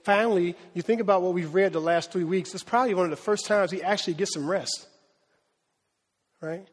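A man preaching a sermon in a lively, conversational way, often laughing. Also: sits high, fairly quick, big-room sound.

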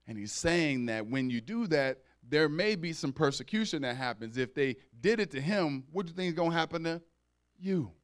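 Smooth-voiced man preaching conversationally. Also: on the high side, expressive, moderate pace. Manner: conversational preaching with call-outs to the congregation; acts out dialogue in raised voices. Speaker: pastor. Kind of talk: sermon.

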